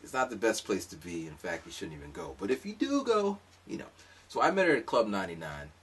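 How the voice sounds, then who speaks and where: A man's voice: on the low side, huge pitch swings, quick pace, a bit bright, breathy edge, far from the mic. A man telling a rambling, comic story in a casual monologue, full of asides. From lives in Japan.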